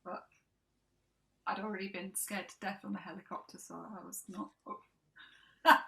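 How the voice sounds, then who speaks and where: Woman, co-host; bright, giggly storyteller who trails off and restarts. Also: medium pitch, level tone, a little slow, creaky, low-quality recording. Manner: laughs often, trails off and restarts. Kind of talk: casual chat.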